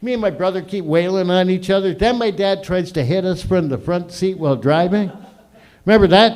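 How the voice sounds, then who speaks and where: A man's voice: sits high, normal speed, a little mellow. A middle-aged man hosting an open mic, telling crude, profanity-laden stories in a rambling stand-up style on a small comedy stage.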